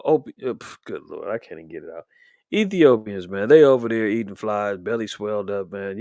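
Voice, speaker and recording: A man's voice: fairly low pitch, no room sound. Indignant rambling man, dry close sound. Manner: loose, indignant, rambling with many fillers and restarts. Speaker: show host commentating on current events. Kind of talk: casual live-stream commentary.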